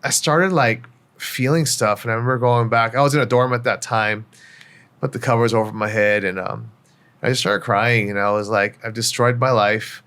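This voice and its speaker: A man's voice: mid-range voice, fairly even intonation, normal speed, fairly bright tone. A middle-aged man speaking as a podcast guest, telling his life story in a candid, reflective way with many fillers. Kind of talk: personal story in casual interview.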